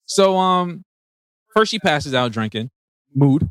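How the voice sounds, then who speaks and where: A man recaps a movie in casual, slangy chat with his co-host. His voice sits a little high, and the sound is dry and close. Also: animated, slow pace, a bit bright, smooth, no echo. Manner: loose slangy recap with frequent "know what I mean". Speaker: podcast co-host. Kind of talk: casual film discussion.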